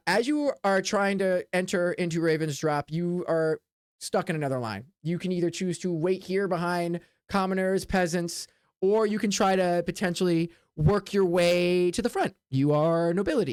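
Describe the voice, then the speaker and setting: A man's voice: sits high, expressive, moderate pace, clear, resonant tone, dry recording, studio quality. A young man running a tabletop game as game master, narrating in a loose, chatty way with frequent restarts.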